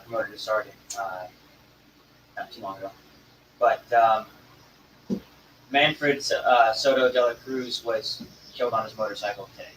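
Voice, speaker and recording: A man co-hosting a podcast, making dry, low-key deadpan remarks in casual chat. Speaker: podcast co-host. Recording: distant from the mic, faint room noise.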